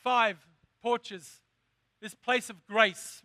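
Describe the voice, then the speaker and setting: A man preaching a sermon as pastor, impassioned, drawing out words slowly for emphasis and rising to shouts. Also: high voice, steady tone, dry recording, studio quality.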